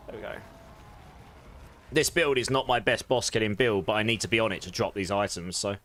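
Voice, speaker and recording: A man's voice: on the low side, a little fast, fairly bright tone. A man streaming a game live, chatting casually with viewers and laughing often. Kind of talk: casual live stream chat while gaming.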